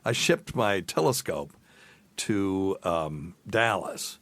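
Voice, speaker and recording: Brief: middle-aged man, low-ish voice, casual self-deprecating storyteller, podcast host. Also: lively intonation, takes it slowly, a bit bright.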